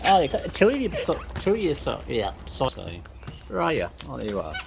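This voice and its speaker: A woman's voice: a bass voice, sing-song, brisk, gravelly. A woman talking to wild birds in a coaxing, sing-song baby-talk manner while feeding them outdoors. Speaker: bird feeder vlogger. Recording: outdoor noise with bird sounds.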